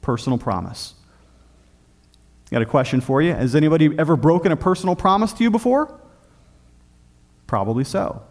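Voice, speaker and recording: A man preaching a sermon as pastor of a church, emphatic, often dropping low and quiet on key points. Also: very animated, fairly quick, pauses often.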